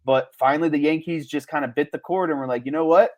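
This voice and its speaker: A man co-hosting a podcast in casual sports chat, animated and laughing often. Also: on the high side, quick pace. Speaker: podcast co-host.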